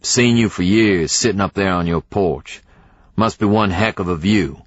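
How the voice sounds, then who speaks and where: A man doing a gruff smoker-voiced drifter. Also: sits low, normal speed, dry recording. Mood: wry. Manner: blunt, terse, wry. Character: gruff, distrustful older male drifter with smoker's voice. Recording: slightly dull audiobook recording.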